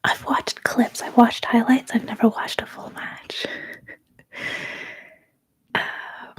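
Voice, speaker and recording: A Canadian woman in her thirties, whispering a soft-spoken, rambling ASMR livestream chat. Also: a little high, little pitch movement, slow, husky. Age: 30s. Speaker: ASMR streamer.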